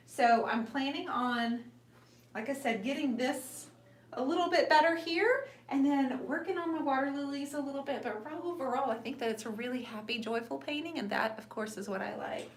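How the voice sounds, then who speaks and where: Woman host, middle-aged, upbeat encouraging chat to viewers, a bit high, roomy echo. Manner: warm, encouraging, calls viewers sister and honey. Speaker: painting show host. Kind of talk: live painting stream chat. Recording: echoey room with faint noise.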